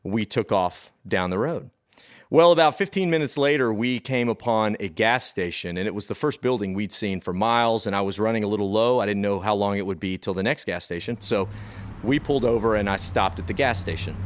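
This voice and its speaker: A man with a somewhat low voice tells a ghost story as a podcast co-host. He rambles casually, circling back with fillers and half-finished phrases before landing each beat. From Texas, Austin area. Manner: chatty, drawn-out, with fillers and restarts. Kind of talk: casual storytelling of a spooky true tale.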